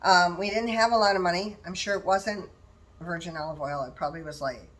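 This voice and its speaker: An older woman with a slightly low voice talks straight to her viewers. She chats in a loose, rambling way while she prepares food in her home kitchen, sharing plant-based diet tips. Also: a little fast, a bit bright. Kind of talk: casual how-to chat while preparing food.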